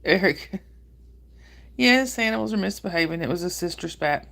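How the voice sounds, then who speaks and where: A woman, hoarse from a cold, chatting casually with viewers on her livestream and greeting them by name. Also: fairly low pitch, animated, normal speed, fairly bright tone. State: hoarse with a cold and sore throat. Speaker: livestream host. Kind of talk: casual live chat with viewers.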